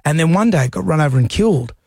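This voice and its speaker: Joking Australian radio host, higher voice. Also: male voice, expressive, racing, gravelly, breathy edge, no room sound, clean studio sound. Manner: warm, jokey, reassuring. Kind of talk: casual on-air chat.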